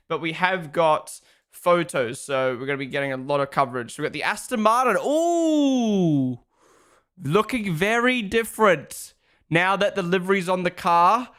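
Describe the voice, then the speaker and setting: A young man talking casually to his live stream audience from a room at home. He is excitable and chatty and swears freely. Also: on the high side, smooth. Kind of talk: casual live watch-along commentary.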